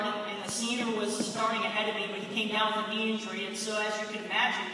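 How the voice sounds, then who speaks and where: A man's voice: very high voice, pushed and bright, slight background noise. Young man telling an earnest story in a hall. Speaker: chapel speaker. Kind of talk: personal testimony talk. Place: large chapel hall. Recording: echoey hall from far off.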